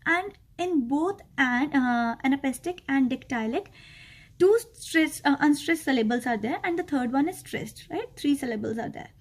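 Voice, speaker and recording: A woman's voice: high-pitched, lively intonation, moderate pace. A young woman teaching an exam-prep literature lesson, explaining step by step with many ums and uhs and checking in with "right?".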